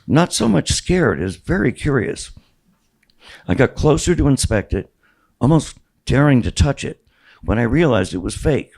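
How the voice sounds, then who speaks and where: A man's voice: medium pitch, creaky, darkish tone, poor audio. A man in his sixties reading from his own memoir aloud at a bookstore event, wry and storytelling. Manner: storytelling, wry, with small restarts. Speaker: author.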